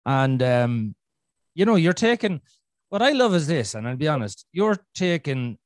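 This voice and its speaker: A man's voice: on the high side, sing-song, measured pace, no room sound, clean studio sound. An Irish man hosting a podcast in casual chat, rambling with frequent restarts and swearing. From Ireland. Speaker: podcast host.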